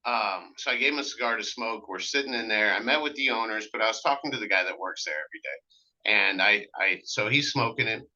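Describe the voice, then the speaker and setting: A man, a cigar maker, telling animated stories in a casual interview, with many fillers and restarts. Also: lowish voice, brisk, dull audio. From American Midwest.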